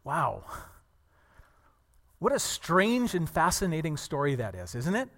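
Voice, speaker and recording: A man preaching a sermon to a congregation, earnest and animated, telling stories and acting out the people in them. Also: a little high, unhurried, in a large hall. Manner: earnest, animated storytelling with acted quotes.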